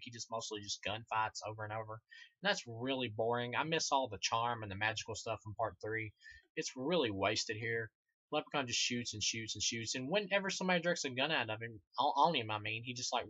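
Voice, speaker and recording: A man tears into a movie in a loose, rambling review, cursing constantly and chuckling between points. His voice is bright and forceful, close and dry, and the recording is dull and lo-fi. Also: medium pitch, dry recording. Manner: rambling, profane, laughs often. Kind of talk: casual spoken film review.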